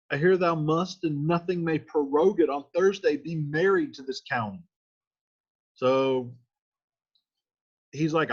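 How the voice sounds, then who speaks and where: In this lo-fi recording, a man with a medium-pitched voice acts as a teacher, reading a play aloud line by line and then explaining each line in casual, slangy modern speech.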